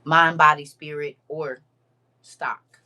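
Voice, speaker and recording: A woman hosting a casual livestream, reading viewer comments aloud in a lively, teasing way and laughing often. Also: low voice, slow pace, muffled recording.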